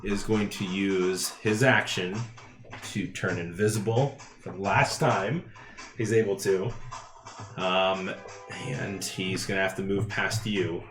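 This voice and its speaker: A low-pitched man narrates and rules as game master, often restarting his sentences as he explains. His voice sits in a roomy space. Clear music plays behind him. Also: steady tone, slow pace, a bit bright. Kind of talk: running a tabletop game.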